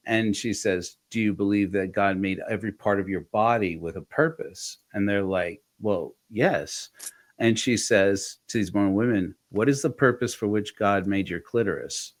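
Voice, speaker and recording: A man's voice: fairly low pitch, moderate pace. A middle-aged man hosting a casual podcast, telling stories and acting out the voices of the people he quotes. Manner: animated storyteller, acts out quoted voices. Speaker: podcast host.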